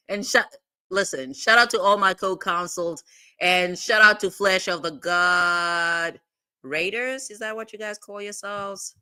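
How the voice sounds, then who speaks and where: A woman's voice: mid-range voice, steady tone, unhurried, sharp tone, smooth. A woman hosting a legal commentary livestream, rambling and digressive in casual talk, breaking into laughs often.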